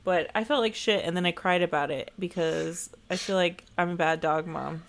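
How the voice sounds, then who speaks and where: A woman's voice: on the low side, normal speed, creaky. A woman co-hosting a podcast, telling a story in a loose, chatty way. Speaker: podcast co-host. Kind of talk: casual chat.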